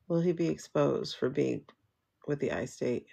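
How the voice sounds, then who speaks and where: Husky and dark, this woman's low voice carries vocal fry and an unhurried pace. Reading tarot on a relaxed livestream, she asks herself questions out loud and answers in familiar slang, addressing viewers as child, girl, or boo.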